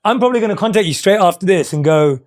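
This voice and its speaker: A man's voice: high-pitched, expressive, fast. A man hosting a podcast interview, asking questions and giving encouraging short replies. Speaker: podcast host.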